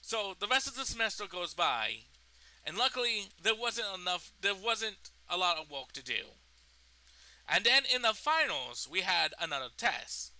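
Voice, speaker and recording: Bright, lively young man telling a story. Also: high voice, moderate pace, poor audio. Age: young adult. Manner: indignant, profane retelling of events. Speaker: vlogger. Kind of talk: storytelling vlog.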